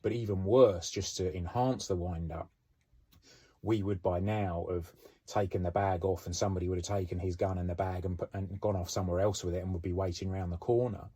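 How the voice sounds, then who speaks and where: A man's voice: deep voice, steady tone, brisk, mellow, husky. A middle-aged man, a former police officer, casually telling anecdotes with lots of "you know" and "um". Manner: chatty, frequent "you know" and "um".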